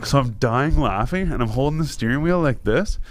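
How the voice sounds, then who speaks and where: A man hosting a podcast, telling a wild story in a casual, animated way with lots of swearing and laughter. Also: medium pitch, a little fast. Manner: animated, laughing, swears a lot, acts out voices. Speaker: podcast host.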